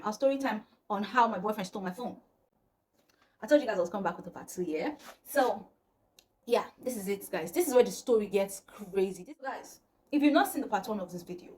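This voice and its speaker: A young woman, telling a personal story to her viewers in a dramatic, exclamatory way. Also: mid-range voice. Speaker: vlogger. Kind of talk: storytime vlog.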